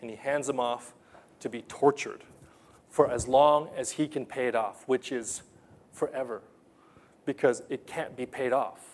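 A man's voice: mid-range voice, fairly even intonation, measured pace, pauses often. A male pastor preaching a sermon in an earnest way, often putting questions to the congregation and repeating key phrases.

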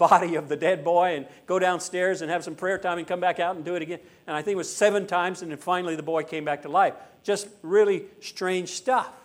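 A man preaching a sermon in a conversational way. He adds tag questions like "right?" and slowly repeats his key lines for emphasis. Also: high-pitched.

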